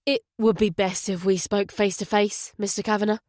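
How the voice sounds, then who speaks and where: A woman's voice: medium pitch, flat delivery, moderate pace, a little mellow, dry recording, studio quality, close to an everyday voice. A woman voicing a firm, insistent male detective inspector in an audiobook. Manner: firm, urgent, polite but insistent. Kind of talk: audiobook character voice.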